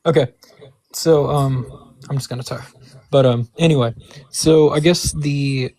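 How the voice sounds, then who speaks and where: A man debating on a call, speaking hesitantly and softly in wordy, careful phrasing. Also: medium pitch, steady tone, a little slow, dry recording, rough recording. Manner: hesitant, wordy, soft-spoken. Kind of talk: online debate. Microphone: call mic.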